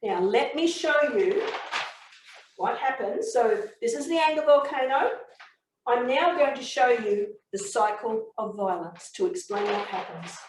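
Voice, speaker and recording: A woman giving a communication training webinar, explaining and telling a story in a measured way. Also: fairly high pitch, expressive, background noise. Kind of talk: webinar teaching. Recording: echoey room, mic far off.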